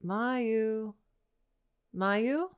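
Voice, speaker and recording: A woman's voice: a little high, extremely slow, smooth. A woman voicing a worried, weary mother in a fan game dub, sighing and apologetic.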